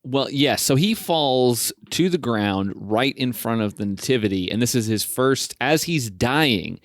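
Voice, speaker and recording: A man's voice: medium pitch, expressive, a little slow, dry recording, studio quality. A man co-hosting a podcast, laughing often during casual recap chat. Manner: laughs often while talking. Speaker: podcast co-host.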